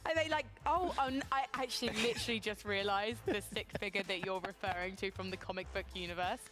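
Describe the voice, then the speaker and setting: A woman hosting a casual panel chat, playful and quick to laugh. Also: mid-range voice. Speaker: host. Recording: music playing behind.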